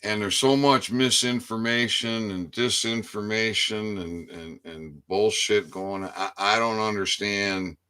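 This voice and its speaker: A man's voice: on the low side, steady tone, unhurried, few pauses, pushed and bright, clear, resonant tone. A man giving a rambling casual monologue to his viewers, stammering over repeated words and swearing freely. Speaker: independent online commentator.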